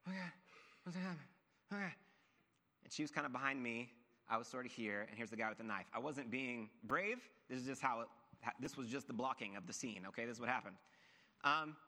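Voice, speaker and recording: A man preaches to his congregation, spinning a personal story with energy and acting out each voice. His tone is bright and forceful, and the sound rolls around a large hall with a long, trailing reverb. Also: mid-range voice. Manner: animated storyteller, acts out voices. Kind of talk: sermon storytelling.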